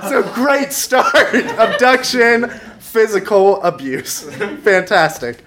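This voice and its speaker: A man's voice: high-pitched, big pitch swings, takes it slowly, over a noisy crowd. A young man telling a funny personal story on stage, wry and self-mocking, chuckling as he goes. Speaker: storyteller at a live show. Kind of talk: live comic storytelling.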